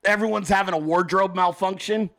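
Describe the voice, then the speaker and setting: A man's voice: high voice, steady tone, a little fast, fairly bright tone. A man hosting a podcast, ranting in a profane, crude and exasperated way, often slipping into mocking impressions of other people. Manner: acts out mocking voices of others. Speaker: podcast host. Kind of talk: profane comedic rant.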